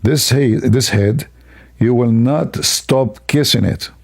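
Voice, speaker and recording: Gravelly man mocking on a livestream. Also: mid-range voice, slow pace. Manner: sarcastic, rambling, mock-admiring. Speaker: livestream host.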